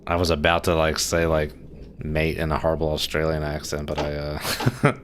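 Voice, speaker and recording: A man's voice: a bass voice, monotone, moderate pace, fairly bright tone, a little hiss or hum. A man chatting casually on a live stream while playing a submarine game, rambling with fillers and restarts.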